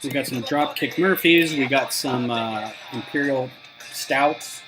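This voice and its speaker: A man's voice: medium pitch, measured pace, poor audio. A man live-streaming as he builds, chatting with viewers in a rambling, casual way. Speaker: Lego designer live-streaming. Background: background music.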